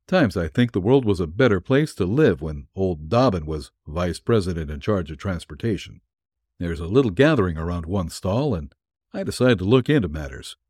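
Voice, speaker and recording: A man's voice: sits low, animated, moderate pace, darkish tone, slightly rough, no room sound, studio quality. A man reading a vintage pulp story aloud in a wry, hard-boiled first-person manner. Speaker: narrator.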